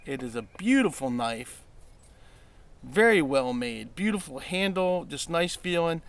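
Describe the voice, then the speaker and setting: A man's voice: fairly high pitch, a bit bright. Enthusiastic man unboxing knives. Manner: enthusiastic, repeats praise, many ums and restarts. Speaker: knife collector reviewing his purchases. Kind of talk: casual unboxing vlog.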